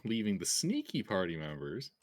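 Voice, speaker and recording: A man chats as a player in a tabletop game, playful and quick with a joke. His pitch moves a lot. The recording is dry and close. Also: wildly swooping pitch, a little mellow, no room sound. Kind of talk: casual tabletop game chat.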